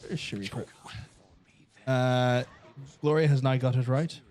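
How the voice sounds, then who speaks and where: A man's voice: medium pitch, steady tone, unhurried, darkish tone. A man with a Northern Irish accent hosting a live stream, chatting casually, swearing and reading out viewers' guesses. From Northern Ireland. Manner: banters and reads out viewers' guesses, swears freely. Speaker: host.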